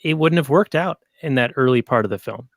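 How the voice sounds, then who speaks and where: A man's voice: mid-range voice, animated, brisk, no echo, clean studio sound. A man hosting a podcast, talking through a movie in an easygoing, thoughtful way. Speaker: podcast host. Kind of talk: casual movie review chat.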